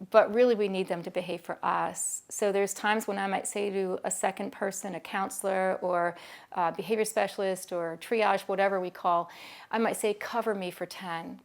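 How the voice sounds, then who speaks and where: A woman's voice: mid-range voice, vocal fry. A middle-aged woman, a school behavior consultant, explains classroom self-regulation in a conversational teaching video and acts out dialogue from her anecdotes. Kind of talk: talking-head teaching video.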